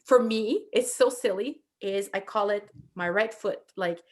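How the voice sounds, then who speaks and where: A woman with a thick French accent, co-hosting a casual chat and telling animated, self-deprecating stories. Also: medium pitch, a little slow. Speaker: podcast co-host.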